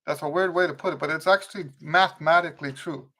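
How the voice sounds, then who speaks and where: Easygoing male trumpet teacher, fairly high voice. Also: fast talker. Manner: relaxed and conversational, with frequent restarts and "okay?" check-ins. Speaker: trumpet teacher hosting a live Q&A. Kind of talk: casual livestream teaching, answering viewer questions.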